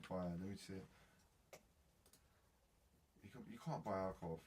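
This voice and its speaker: Young man, low voice, off-mic. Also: moderate pace, a little mellow. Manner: slangy, rambling, laughs often. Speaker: podcast co-host. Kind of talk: casual chat. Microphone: faulty mic. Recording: distant mic with faint noise.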